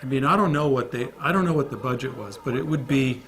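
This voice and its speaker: A man recalls his days on a film set in a relaxed interview. He tells it as a lively anecdote, bouncing into other people's voices as he quotes them, with his own voice sitting at an ordinary mid pitch. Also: fast talker. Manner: animated storyteller acting out quoted voices. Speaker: film crew member recalling a production.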